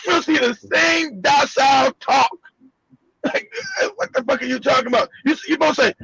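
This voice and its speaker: A man's voice: very high voice, moderate pace, creaky, pushed and bright, no room sound, muffled recording. A man hosting a show, reacting to news clips with blunt, profane, mocking commentary and a lot of repetition. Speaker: host.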